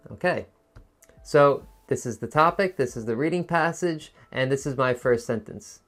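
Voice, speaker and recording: Male tutor, encouraging, clear step-by-step explanations, faint background music. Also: mid-range voice, normal speed, a bit bright. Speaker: teacher. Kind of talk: test-prep lesson.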